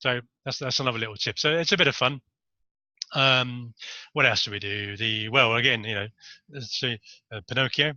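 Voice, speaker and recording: A man's voice: medium pitch, moderate pace, bright, forceful tone, no room sound, highs cut off. A man giving a casual, rambling talk to camera on body language, with jokey asides.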